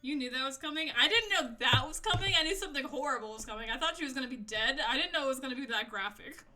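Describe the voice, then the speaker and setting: A young woman streams herself playing a game, reacting loudly with frequent swearing and laughter. Her voice is very bright and sits fairly high. She talks into a desk microphone. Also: fast talker, soft background music. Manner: excitable, swears and laughs often. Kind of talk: live gameplay commentary. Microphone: desk mic, no camera.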